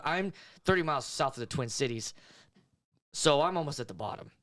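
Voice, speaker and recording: A man's voice: a little high, lively intonation, a little fast, fairly bright tone, no room sound, clean studio sound. A man from the Pittsburgh area, co-hosting a casual chat and rambling through memories with many restarts. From Pittsburgh area, USA. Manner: rambling, reminiscing, lots of fillers and restarts. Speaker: co-host.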